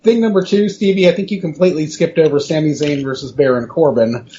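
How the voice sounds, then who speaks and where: A man's voice: fairly high pitch, fast, warm tone. A man speaking offhandedly and swearing casually as a podcast panelist. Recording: dull lo-fi audio with faint hiss.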